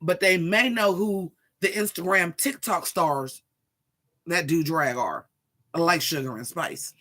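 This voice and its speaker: Vlogger, 40s, sassy profane rant to camera, crisp bright tone. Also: mid-range voice, slow. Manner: profane, sassy, animated, talks straight to viewers.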